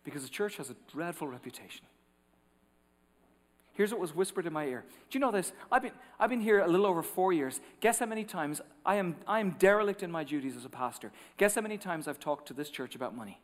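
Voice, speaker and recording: A man preaching a sermon as pastor, telling stories with lively acted-out quotes and swinging between loud and hushed. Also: on the high side, fast. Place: large church sanctuary. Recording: long reverb of a large hall.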